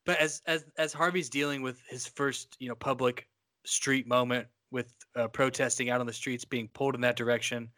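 Bright-toned man in a dry room. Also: medium pitch, fairly even intonation, normal speed, no echo. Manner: loose, rambling, casual swearing. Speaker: podcast co-host. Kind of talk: casual film discussion.

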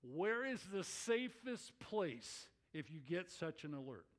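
A man preaching a sermon to his congregation, telling stories in an animated way with exclamations that rise. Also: on the high side, takes it slowly. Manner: animated storytelling with rising exclamations. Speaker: pastor.

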